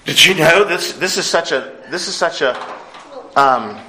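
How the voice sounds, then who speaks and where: A man preaching a sermon, earnest, rising to loud emphasis and dropping to hushed lines. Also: fairly high pitch, animated, a little slow, reverberant, slight background noise, rough recording. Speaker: pastor.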